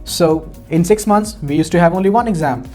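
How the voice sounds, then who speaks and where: A man's voice: high-pitched, fairly quick, dark tone, soft background music. A young man from Punjab with an Indian accent, earnestly telling his story as an interview guest, often repeating words as he searches for phrasing. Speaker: graduate student guest. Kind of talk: casual interview.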